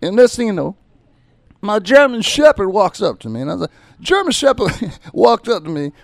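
A man putting on a comedian's voice to retell a sad, funny story in a high, strained delivery. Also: sing-song, moderate pace, gravelly, dry recording, exaggerated voice. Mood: sorrowful, comic. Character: impression of a comedian telling stories.

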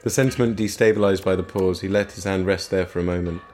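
Man, young adult, low voice, dry, understated story narration. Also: fairly even intonation, quick pace, darkish tone, faint music behind. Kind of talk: scripted narration.

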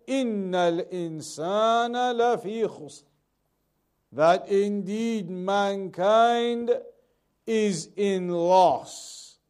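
A man teaching a lesson on Quran commentary, repeating key points and reading Arabic quickly before translating it slowly. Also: sits high, darkish tone, clear, resonant tone. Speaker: Islamic teacher.

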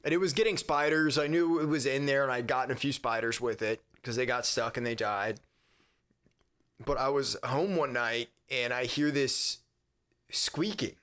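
A man's voice: medium pitch, normal speed, a bit bright. A man co-hosting a podcast, telling a story in loose, rambling chat with casual cursing. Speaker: podcast co-host.

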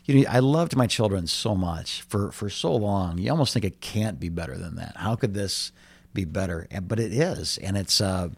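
A man in his fifties, a pastor, telling lively family stories with jokes in a casual interview. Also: low-pitched, moderate pace, vocal fry, husky, dry recording. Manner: animated storyteller, jokes.

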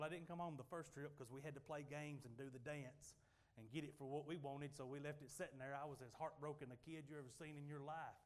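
A middle-aged man preaching a sermon, telling folksy stories and swinging from loud declarations to quiet asides. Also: mid-range voice.

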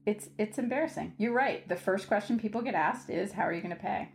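A woman hosts a conversational interview, choosing her words with care and laughing easily. There is a lot of vocal fry in her mid-pitched voice. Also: fairly quick. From United States. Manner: thoughtful and careful, laughs easily. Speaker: podcast host.

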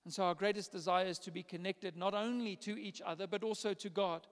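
High-voiced pastor preaching in a reverberant hall. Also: male voice, a little fast. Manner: conversational, animated storytelling with laughs. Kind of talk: sermon. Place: church auditorium. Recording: long reverb of a large hall.

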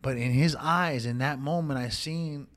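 A man's voice: medium pitch, a little slow, a bit bright. A man telling an emotional personal story in casual street slang, calling his listener dog and homie. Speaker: guest sharing his life story.

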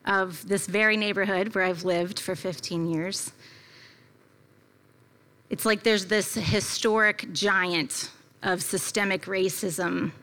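Bright-voiced woman giving a reflective sermon. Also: mid-range voice. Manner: reflective, personal storytelling with casual fillers. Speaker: preacher at a church gathering. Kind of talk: conversational sermon.

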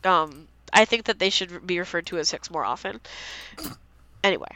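A young woman co-hosting a casual fan podcast, excitedly reading out favorite quotes and swearing freely. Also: lowish voice, moderate pace, a little hiss or hum, rough recording. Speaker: podcast co-host.

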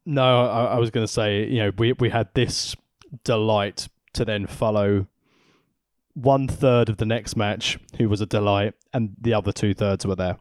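A man's voice: fairly low pitch, fairly even intonation, normal speed, no echo. Wry man, dry close voice. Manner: wry, joking asides. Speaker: podcast co-host. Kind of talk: casual chat.

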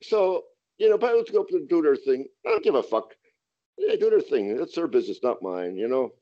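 A man's voice: a little high, big pitch swings, brisk, mellow, dull audio. A man, a stand-up comedian, telling a profane story in casual podcast talk, acting out the quotes.

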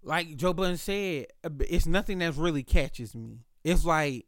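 A male podcast host tells a story casually and with plenty of profanity, acting out both sides of the exchange. His voice sits a little high and sounds smooth and resonant. The recording is dry and close. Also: normal speed, no echo.

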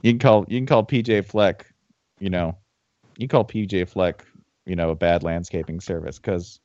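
A man's voice: low voice, fairly even intonation, normal speed, a little mellow, dry recording. A man co-hosting a casual sports podcast, joking and talking emphatically. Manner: jokey, emphatic. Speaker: podcast co-host. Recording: slightly dull lo-fi mic.

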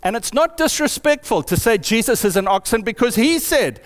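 A man preaching a sermon in an earnest way, slowing down to stress key phrases. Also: animated, in a large hall. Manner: earnest, with lots of pitch swings and slowed emphasis.

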